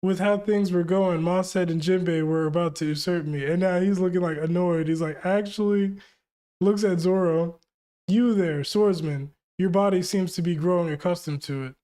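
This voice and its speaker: A man's voice: sits high, fairly even intonation, normal speed, mellow. A young man hosting a live manga reaction, reading lines aloud and reacting in hyped, slangy bursts. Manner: hyped, slangy, reads quotes then reacts.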